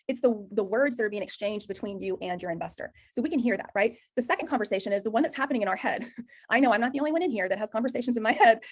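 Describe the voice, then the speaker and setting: Fast-talking, loud Texan woman trainer. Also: a little high. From Texas. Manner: loud, emphatic, talks very fast. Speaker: sales trainer. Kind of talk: energetic presentation to a room.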